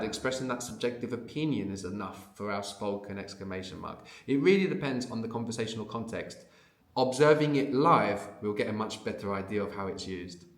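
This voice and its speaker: A man's voice: fairly low pitch, fairly bright tone, reverberant. A man teaching a language lesson. He explains patiently and often checks in with a questioning "no?".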